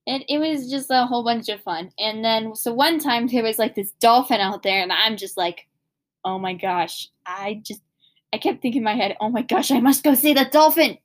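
A woman's voice: a little high, normal speed. A young woman chatting casually with her mother, giggly and easygoing. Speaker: daughter. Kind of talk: casual family chat.

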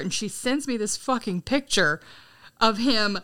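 A woman's voice: mid-range voice, brisk, a bit bright, clear, resonant tone. A young adult woman co-hosting a podcast, telling stories in casual chat, laughing often and swearing freely. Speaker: podcast co-host.

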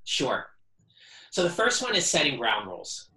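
A man's voice: mid-range voice, wildly swooping pitch, moderate pace, pushed and bright, roomy sound, low-quality recording. A man speaking as an interview guest, earnest and reflective, often repeating words as he thinks. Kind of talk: casual interview.

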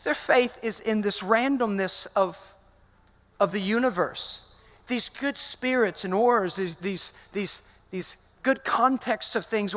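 High-pitched guy pastor preaching hype to the church, big echoey hall. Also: measured pace. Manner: energetic, conversational, calls out to the congregation. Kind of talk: lively sermon. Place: large church sanctuary. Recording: long hall reverb in a church.

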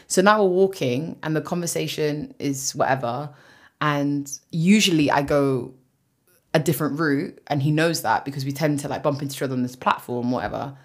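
A young woman, co-hosting a podcast and telling stories in a lively, animated way with quoted voices. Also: sits low, moderate pace. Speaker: podcast co-host. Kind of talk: casual chat.

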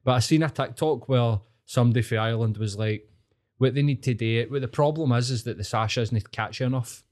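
Scottish guy, thirties, loose casual chat host, heavy swearing, animated storyteller. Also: mid-range voice, fairly quick. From Scotland.

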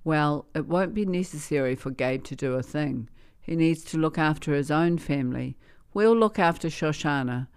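A woman voicing a caring grandmother who chats brightly and reassuringly on the phone. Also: low-pitched, normal speed, clear, resonant tone.

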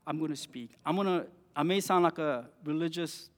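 A man preaching a sermon in an earnest way, rising to emphatic phrases and dropping to quiet ones. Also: on the high side, moderate pace, in a large hall.

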